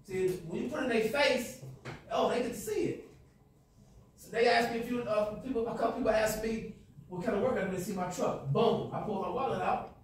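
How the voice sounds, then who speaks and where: A man's voice: sits high, brisk, a little hiss or hum. A man teaching a class, lecturing with role-play and quizzing students in call-and-response. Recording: echoey classroom from far off.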